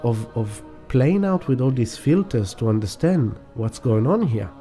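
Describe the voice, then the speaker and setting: Male astrologer with a deep, mellow tone who rambles casually and acts out his examples over soft music. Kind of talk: spiritual teaching monologue.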